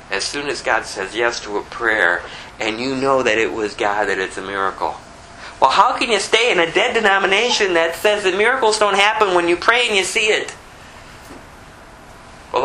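An older man delivers a loose, conversational sermon, firing off rhetorical questions. His voice is bright and sits a little high. A faint ambient hum runs underneath. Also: rough recording. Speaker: preacher. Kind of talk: informal sermon.

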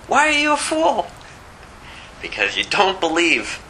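High, bright-voiced man preaching. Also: huge pitch swings, a little hiss or hum, low-quality recording. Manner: swings from low, slow scripture reading to high, emphatic rebuke; repeats phrases for emphasis, chuckles at his own points. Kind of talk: expository sermon.

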